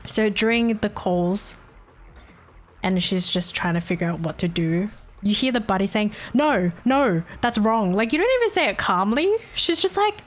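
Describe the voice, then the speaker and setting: A woman's voice: medium pitch, expressive, normal speed. A young woman streaming live, chatting casually with viewers and venting animatedly, swearing freely.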